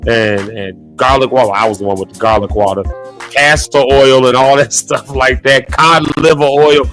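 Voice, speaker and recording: A man hosting a live morning show from his office, chatting casually, reading viewer comments aloud and giving playful shout-outs. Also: medium pitch, fairly even intonation, moderate pace, soft background music.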